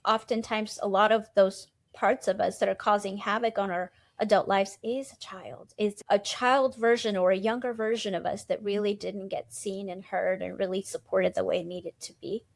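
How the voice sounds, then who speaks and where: A woman in a casual podcast conversation, explaining gently through analogies and often affirming with a quick yes. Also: medium pitch, fairly even intonation, gravelly.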